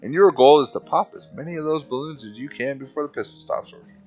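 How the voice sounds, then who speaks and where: A man voicing a folksy male clown who runs a shooting gallery, delivering smooth salesman patter. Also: fairly high pitch, fast, darkish tone, muffled recording, faint music behind, voice pushed up, close to an everyday voice. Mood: sales pitch.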